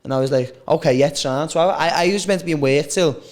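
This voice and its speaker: A man's voice: fairly high pitch, darkish tone. A man, a comedian guest telling anecdotes in casual podcast chat. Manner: fast anecdotal storytelling with quoted dialogue.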